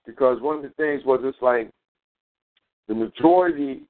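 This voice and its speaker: Male host, heated and profane, rambling, mid pitch, phone-quality sound. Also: moderate pace. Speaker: show host. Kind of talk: casual live-stream talk. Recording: tinny phone-quality audio.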